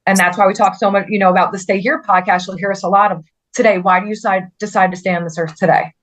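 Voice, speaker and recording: A woman's voice: medium pitch, fairly even intonation, fairly bright tone. A woman guest on a podcast, speaking earnestly about her own experiences, often restarting sentences and filling with "like". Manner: earnest, halting, with frequent restarts and "like" fillers. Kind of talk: personal story in a conversational interview.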